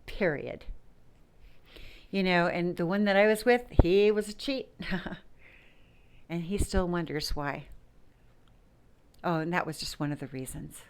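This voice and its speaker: A woman's voice: lowish voice, measured pace, pauses often, clean tone. A woman talking frankly and emphatically to her viewers about self-worth and leaving bad relationships, dropping now and then to a whisper. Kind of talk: personal talk to camera.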